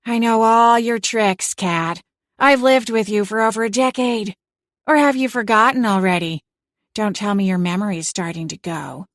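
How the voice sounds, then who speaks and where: A woman's voice: medium pitch, moderate pace, dry recording, studio quality, voice pushed up, lightly acted. A woman voicing a fiery, stubborn elderly witch aunt in a cozy audiobook who snaps back indignantly. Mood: mocking. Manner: indignant, sharp comebacks.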